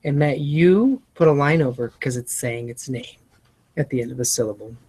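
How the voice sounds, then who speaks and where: A reading teacher with a medium-pitched, slightly mellow and slightly rough voice talks at a normal speed. She walks colleagues through a spelling lesson as lesson prep, spelling words letter by letter, enunciating every syllable, and adding friendly asides.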